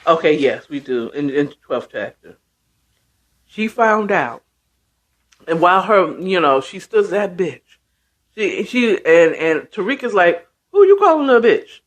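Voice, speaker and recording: A woman hosting a casual story recap, chatty and profane in an unhurried way. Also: fairly low pitch, lively intonation. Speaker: host.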